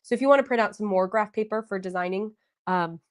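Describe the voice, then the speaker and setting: A woman in her own natural voice hosts a relaxed livestream. Her pitch sits in a middle range, and she keeps an encouraging, chatty tone as she answers viewers' comments one by one. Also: fast. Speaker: livestream host. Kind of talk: casual livestream chat.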